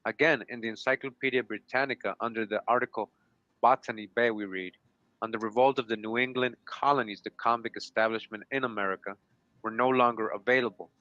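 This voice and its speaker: Male co-host reading history sources aloud with brief remarks. Bright, tense tone, muffled lo-fi recording. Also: mid-range voice, steady tone, a little fast, no echo. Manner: reads citations in full, short comments. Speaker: show co-host. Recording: dull, lo-fi sound.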